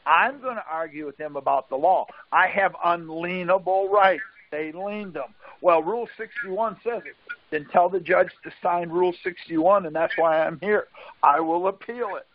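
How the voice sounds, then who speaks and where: A man's voice: sits high, moderate pace. Folksy man explaining over a muffled call. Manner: folksy, keeps asking "see?". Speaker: conference call speaker. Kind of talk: casual teaching on a conference call.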